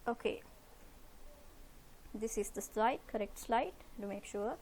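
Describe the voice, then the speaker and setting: A woman with a high voice explains a poem to her students slide by slide. She works methodically, repeats key words and poses rhetorical questions that she answers herself. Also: a little slow, a little mellow. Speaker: literature teacher. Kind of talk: recorded lecture over slides.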